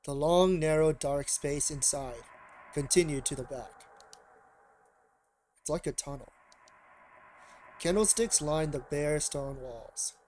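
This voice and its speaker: Man, streamer, game narration, hesitant asides, fairly high voice, steady background noise. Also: takes it slowly, long pauses. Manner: rambling, hesitant asides with many restarts. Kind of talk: reading a visual novel aloud.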